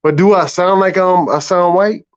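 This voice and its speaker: A man's voice: high voice, normal speed, no room sound. A man in his thirties from South Carolina, with a Southern US accent, chatting casually on a stream, drawling and swearing freely. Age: 30s. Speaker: guest on a live stream panel. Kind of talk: casual chat. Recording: dull lo-fi call audio.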